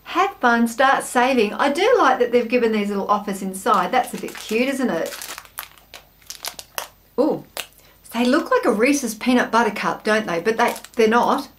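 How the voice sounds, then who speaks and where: A woman's voice: fairly high pitch, lively intonation, moderate pace, hardly any pauses, a little hiss or hum. An Australian woman hosting a snack taste-test vlog, chatting to camera in a bubbly, self-mocking way. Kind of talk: casual chat to camera.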